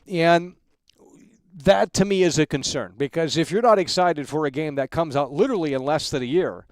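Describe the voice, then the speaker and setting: A man hosts a casual livestream talk show, piling on repeated hype catchphrases for his viewers. His voice sits a bit high and comes across smooth and resonant. He rambles with frequent restarts, and the sound is close and dry. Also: normal speed, dry recording. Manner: emphatic hype shout-outs with repeated catchphrases.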